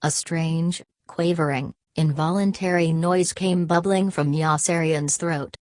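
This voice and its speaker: A woman narrating a novel as an audiobook in an even storytelling read. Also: low-pitched, unhurried, no echo. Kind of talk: scripted narration.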